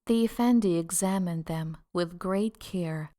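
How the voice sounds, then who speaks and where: A woman narrating an audiobook in a measured, deliberate way. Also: lowish voice, warm tone. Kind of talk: scripted narration.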